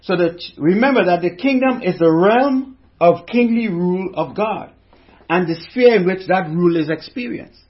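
A man with a high voice preaches a sermon, stopping often to put questions to his listeners. The recording is dull and lo-fi. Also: animated, moderate pace. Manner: preaching with rhetorical questions to the congregation. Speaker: pastor.

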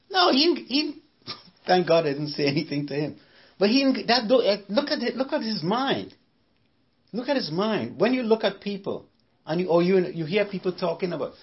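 A man with a high voice preaches a sermon with force, circling back to the same phrases again and again. He drives his points home with pointed rhetorical questions. The recording sounds dull and muffled, as if lo-fi. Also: expressive, moderate pace.

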